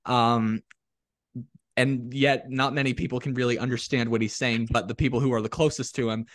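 A man's voice: medium pitch, little pitch movement, normal speed, dry recording. A man hosting a casual interview, asking long, winding questions full of fillers. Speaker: podcast host.

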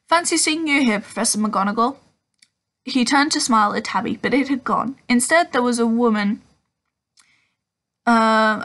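Woman reading a storybook aloud, fairly high. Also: fairly bright tone. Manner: casual reading with slips and restarts. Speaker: audiobook reader.

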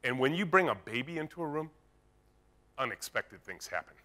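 A man's voice: medium pitch, animated, normal speed, pushed and bright. A man giving a conference keynote, telling a story and acting out the dialogue in it. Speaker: keynote speaker. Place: conference stage.

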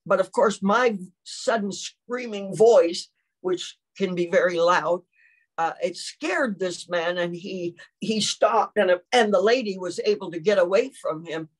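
Slow-talking older woman preacher. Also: mid-range voice. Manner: animated storytelling with restarts and acted quotes. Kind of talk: sermon storytelling.

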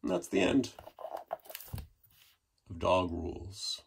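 A man's voice: deep voice, slow, creaky, slight background noise. A man hosting a children's storytime, reading aloud playfully with sound effects and prompts for the audience at home. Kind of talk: read-aloud storytime for kids.

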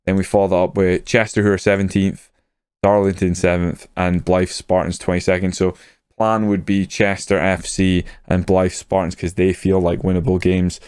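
A man's voice: low voice, normal speed, clean tone, no room sound, clean studio sound. A young man, casually commenting on his own football management game and getting worked up over goals. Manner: excitable, swears when a goal goes in. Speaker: gaming YouTuber.

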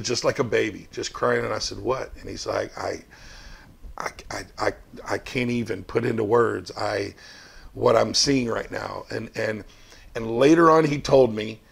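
A man's voice: mid-range voice, gravelly, breathy edge. A male pastor preaching a sermon to his congregation in a conversational, storytelling way.

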